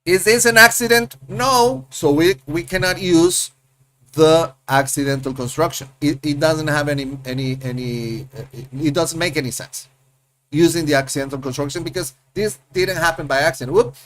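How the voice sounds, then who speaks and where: A man's voice: on the high side, moderate pace, fairly bright tone. A man, teaching a casual lesson and explaining things in a chatty way, often repeating himself and asking rhetorical questions. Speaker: Spanish teacher.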